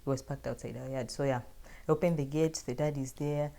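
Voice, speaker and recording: Low-voiced woman telling a story. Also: steady tone, fairly quick, vocal fry, warm tone. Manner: chatty, filler-heavy, addresses viewers directly. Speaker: vlogger telling a personal story. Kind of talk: casual storytime.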